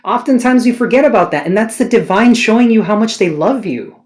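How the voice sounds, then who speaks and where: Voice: medium pitch, animated, a little fast. A tarot card reader giving an emotional spiritual reading to camera, earnest and pleading, swearing casually and firing off rhetorical questions.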